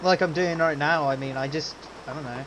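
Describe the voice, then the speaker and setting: A man chatting excitedly with friends in a VR game over a headset mic, laughing and exclaiming often. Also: fairly high pitch, brisk, a crowd in the background, poor audio. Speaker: VR chat player. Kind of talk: casual gaming chat.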